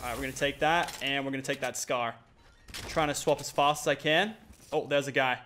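A young man giving excitable, playful commentary over a mobile battle royale match. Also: medium pitch, a little hiss or hum. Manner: excitable, quick reactions, playful trash talk. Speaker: gaming YouTuber. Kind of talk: gameplay commentary.

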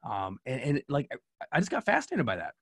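In a studio-quality recording with no room sound, a middle-aged man, a speaker and coach, tells an earnest story as a podcast guest. His mid-range, fairly bright voice swoops wildly in pitch, and he talks fast with many restarts.

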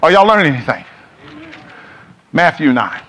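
A man's voice: a little high, lively intonation, normal speed, fairly bright tone, slight background noise. A middle-aged man preaching a sermon in a church, calling on the congregation to answer back and repeat after him. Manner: call-and-response preaching, asks congregation to repeat. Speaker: pastor. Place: church sanctuary.

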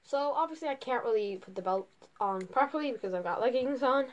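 A woman's voice: a little high, lively intonation, brisk, highs cut off. A young woman, chatting casually and gushing through a haul video with lots of fillers. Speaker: vlogger.

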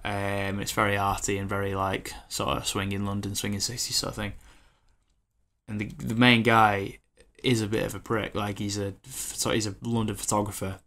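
A man in his twenties hosting a podcast, rambling in an animated, casual way with lots of fillers and acted-out quotes. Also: fairly low pitch, normal speed. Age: 20s. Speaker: podcast host.

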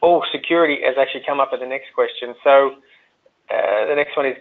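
A man's voice: mid-range voice, fairly even intonation, fairly quick. A man with an Australian accent hosting a webinar Q&A, chatty and hesitant, often repeating words and saying "um". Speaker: webinar host. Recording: tinny phone-line audio.

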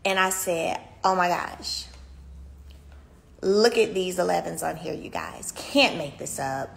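A woman telling a chatty, animated story to her viewers from a beauty salon, filmed on a handheld phone. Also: fairly low pitch, measured pace, creaky, a little hiss or hum. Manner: animated, addresses viewers as y'all, swings loud and soft. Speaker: vlogger. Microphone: phone camera held by speaker. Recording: echoey room with faint ambience.

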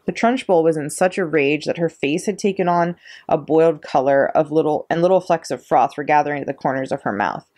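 Low-voiced woman reading a story. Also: fairly quick. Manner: expressive, steady storytelling. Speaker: children's librarian. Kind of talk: storybook read-aloud.

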